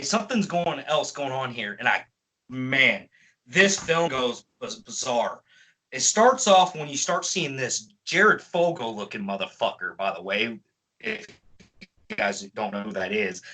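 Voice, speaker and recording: A man's voice: mid-range voice, sharp tone, poor audio. A man giving a profane, exasperated ranting movie review as a film reviewer.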